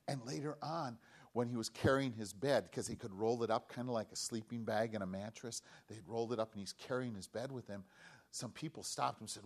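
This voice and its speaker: A man giving a storytelling sermon to children, animated, acting out the voices of the people in the story. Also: medium pitch, brisk.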